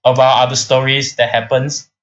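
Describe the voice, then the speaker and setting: A man's voice: mid-range voice, level tone, moderate pace, fairly bright tone, a little hiss or hum. A man co-hosting a podcast in casual chat, playful and teasing, often cutting in. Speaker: podcast co-host. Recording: dull lo-fi mic.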